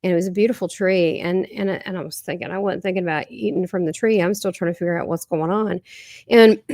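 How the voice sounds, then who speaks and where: A woman's voice: on the low side, lively intonation, brisk, warm tone, no room sound, studio quality. Earnest Southern woman telling her story. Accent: Southern American. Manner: earnest, rambling storytelling with restarts. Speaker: guest medium. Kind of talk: recounting a near-death experience.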